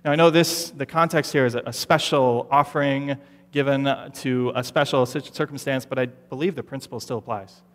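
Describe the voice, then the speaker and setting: A man preaching a sermon as pastor, animated and conversational, acting out his listeners' doubts in quoted asides. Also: mid-range voice, brisk. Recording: long reverb of a large hall.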